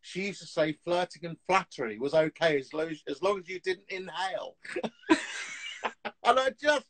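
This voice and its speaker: A man, a TV antiques dealer, telling stories in a casual, animated way on a live video call. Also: high-pitched, low-quality recording. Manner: chatty storyteller, animated, quick laughs. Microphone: phone on a live video call.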